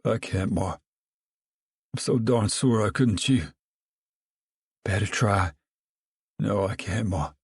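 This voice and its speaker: A man's voice: lowish voice, takes it slowly, long pauses, slightly rough, no room sound, studio quality, full character voice. A man voicing a tired, wounded young male migrant farmhand in a weary rural drawl.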